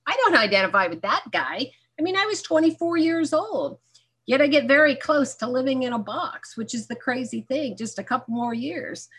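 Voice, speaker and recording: A woman's voice: sits high, animated, moderate pace, a bit bright, slightly rough. A woman speaking at a recovery meeting, telling her own story frankly and acting out remembered dialogue with self-mocking humor. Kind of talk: candid personal testimony.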